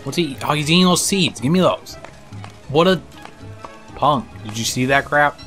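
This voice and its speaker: A man's voice: fairly high pitch, animated, moderate pace, fairly bright tone, soft background music. A man giving casual let's-play commentary, chatting to the characters on screen, laughing and swearing as he plays. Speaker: gameplay commentator.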